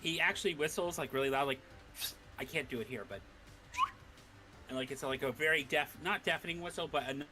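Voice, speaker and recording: Bright, joking male player. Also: a little high, brisk, a little hiss or hum. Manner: chatty, joking, slipping into character voices. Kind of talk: playing a tabletop game.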